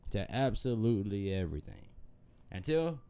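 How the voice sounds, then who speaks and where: A young man with a low, deep voice talks loosely and casually to camera. He rambles in a meandering way and often restarts his sentences. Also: big pitch swings, moderate pace, gravelly, dark tone, clean tone. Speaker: vlogger.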